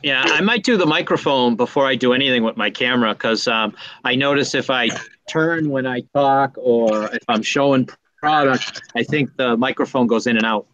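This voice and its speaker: A man's voice: medium pitch, normal speed, fairly bright tone, no echo, lo-fi sound. A man with a Massachusetts accent, a guest on a live chat, talking in a wry, joking way through a laptop mic. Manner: wry, self-deprecating, joking. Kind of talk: casual live-stream chat. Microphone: laptop built-in mic.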